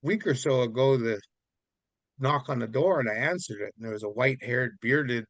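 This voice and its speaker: Relaxed Canadian man telling a story. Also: mid-range voice, normal speed, dry recording. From Canada, Vancouver Island. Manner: rambling, relaxed, many fillers. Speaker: interview guest. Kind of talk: casual storytelling.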